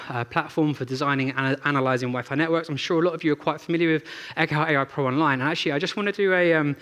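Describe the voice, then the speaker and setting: A man's voice: medium pitch, fairly bright tone. A young man giving a chatty live presentation on a theatre stage, telling stories and running a demo with plenty of fillers and restarts. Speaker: presenter at a tech event.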